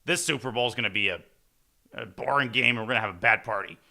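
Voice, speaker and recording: A man's voice: medium pitch, fast, vocal fry, pushed and bright. A man doing a grumbling grumpy uncle. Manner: gloomy, grumbling. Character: grumpy gloomy middle-aged uncle.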